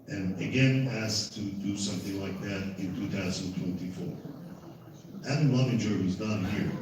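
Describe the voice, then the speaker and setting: Deep-ish guy moderating a panel, pushy and repetitive, big echoey hall, mic far away. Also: noisy background. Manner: emphatic and repetitive, insistent. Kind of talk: live panel event.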